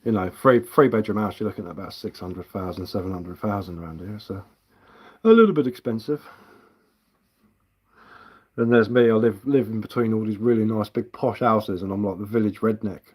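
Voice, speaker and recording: A man's voice: on the low side, a little fast, a little mellow. A middle-aged man talks loosely on a live stream, circling back on his words as he goes. He swears without a second thought and breaks into laughter often. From England. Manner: rambling, swears freely, laughs often, frequent restarts. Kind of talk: casual live-stream chat.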